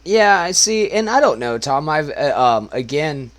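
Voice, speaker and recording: A man's voice: a little high, very animated, a little slow. A man hosting a casual livestream, talking loosely and laughing, often trailing off mid-sentence. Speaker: host.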